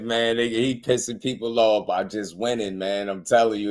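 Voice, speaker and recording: A man hosting a casual boxing livestream, slangy and excitable, laughing often as he talks to his chat. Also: medium pitch, normal speed, few pauses.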